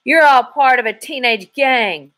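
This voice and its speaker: A woman voicing a gruff, hot-tempered male crook who growls his threats. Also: lowish voice, expressive, moderate pace, bright, forceful tone. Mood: hysterical.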